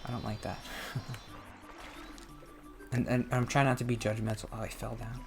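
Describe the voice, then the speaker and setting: A young man talking casually and self-reflectively while playing a video game, rambling with soft laughs. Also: mid-range voice, flat delivery, normal speed. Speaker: gaming vlogger. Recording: music playing underneath.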